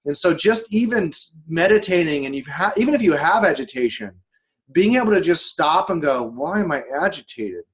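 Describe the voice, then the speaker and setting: A man's voice: a little high, animated, a little fast. A man co-hosting a podcast, talking candidly and in a rambling way, swearing now and then and acting out his own thoughts. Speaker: podcast co-host. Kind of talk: casual podcast chat.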